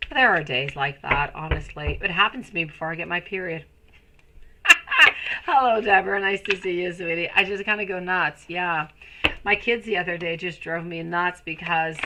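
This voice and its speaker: A woman's voice: fairly low pitch, bright, forceful tone, a little hiss or hum, rough recording. A woman giving a live-stream tarot reading, soothing and rambling, often calling viewers sweetie. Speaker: tarot reader.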